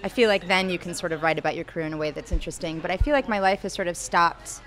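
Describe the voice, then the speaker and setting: Fairly low-pitched yet fairly bright, a young adult woman author's voice comes out rapid-fire in a conversational interview. She wanders hesitantly through her points, with frequent fillers and restarts.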